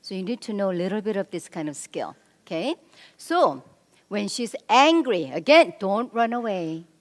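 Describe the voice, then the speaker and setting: Woman, middle-aged, marriage seminar speaker at a church, lively and direct with her listeners, mid-pitched voice, long hall reverb. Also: moderate pace. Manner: animated, directly coaching the men in the audience.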